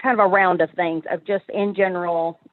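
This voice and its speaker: A woman caller asking for advice, talking in a hesitant, halting way with many restarts. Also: lowish voice, steady tone, dry recording. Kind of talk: call-in advice conversation. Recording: tinny phone line.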